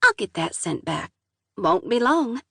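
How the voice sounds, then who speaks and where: A woman's voice: mid-range voice, lively intonation, normal speed, fairly bright tone, no room sound, studio quality, close to an everyday voice. A woman voicing a cheery middle-aged waitress with a folksy Southern US drawl who calls people sugar and honey. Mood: chirpy.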